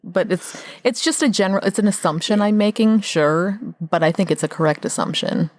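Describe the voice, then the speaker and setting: A woman's voice: medium pitch, a little fast, no room sound, studio quality. A young woman co-hosting a podcast in casual chat, sarcastic and swearing freely. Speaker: podcast co-host.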